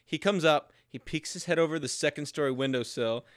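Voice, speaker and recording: A man's voice: on the high side, a little fast, clean tone, no echo, clean studio sound. Laid-back man recapping a film. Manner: laid-back, swearing, laughs a lot. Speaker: podcast co-host. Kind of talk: casual chat, film recap.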